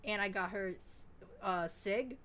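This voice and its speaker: A woman streamer chatting casually while playing a game, excitable and rambling, swearing freely. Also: medium pitch, takes it slowly, a little hiss or hum. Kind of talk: casual gaming stream chat.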